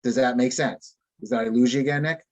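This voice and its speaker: A man's voice: medium pitch, fairly quick, dull audio. A man leading a live online sales training session, repeating key points emphatically and checking in with his trainees.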